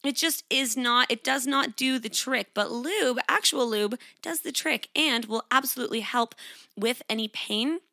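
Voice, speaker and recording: A young woman hosts her own podcast in a frank, emphatic way, slipping into animated quoted voices. Her tone is bright and forceful, and she sounds close to the mic in a dry, dead room with no echo. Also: fairly high pitch, normal speed, vocal fry. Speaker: podcast host. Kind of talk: casual solo podcast talk.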